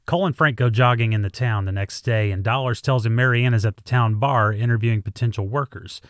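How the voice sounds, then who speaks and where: A man's voice: mid-range voice, fast talker, dry recording, studio quality. Wry man recapping a movie plot. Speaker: podcast co-host.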